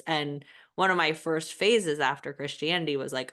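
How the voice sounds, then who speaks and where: Low-voiced woman podcast host. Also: normal speed, few pauses, a bit bright. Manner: reflective, lots of "like" fillers. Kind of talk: casual conversation. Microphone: video call.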